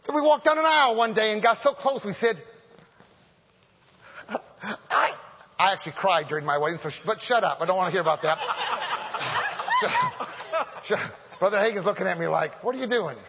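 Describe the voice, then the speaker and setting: A man's voice: high voice, expressive, fast talker, breathy edge. A man preaching a conversational sermon in a church, joking and repeating phrases as he calls out to the men. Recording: echoey hall, dull lo-fi sound.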